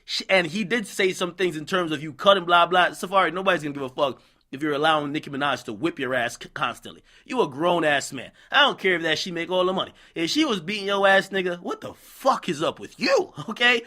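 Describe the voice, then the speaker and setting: A man giving casual, profane commentary on posts he reads out, talking bluntly and excitably. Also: high voice, a little fast. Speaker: gossip commentator.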